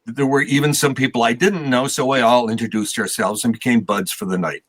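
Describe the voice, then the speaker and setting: An older man in his sixties telling stories in a casual interview. He rambles and laughs at himself, restarting his sentences as he goes. His voice has a middling pitch. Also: fairly even intonation, brisk, a bit bright. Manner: rambling, self-deprecating, with restarts. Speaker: guest musician.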